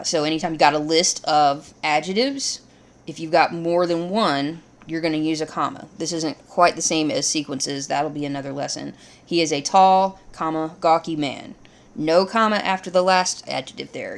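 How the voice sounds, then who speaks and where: Woman, low gravelly voice, patient grammar teacher walking through examples. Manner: steady, explains step by step. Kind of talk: grammar lesson.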